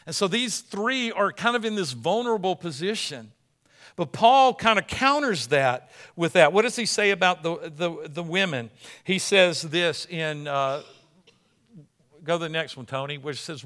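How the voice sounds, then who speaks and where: A man delivers a sermon in a church with a bright, forceful tone. His voice sits a little higher than most men's. He preaches with animated emphasis, repeating words and restarting phrases as he drives each point home. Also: unhurried. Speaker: pastor.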